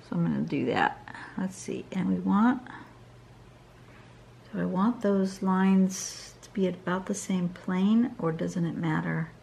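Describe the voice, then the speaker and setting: A woman's voice: fairly low pitch, fairly even intonation, slow, gravelly, dark tone, slight background noise. A woman giving a casual drawing tutorial, chatty and thinking aloud as she draws, sounding tired. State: tired, yawning. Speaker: drawing instructor. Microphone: camera over a drawing desk.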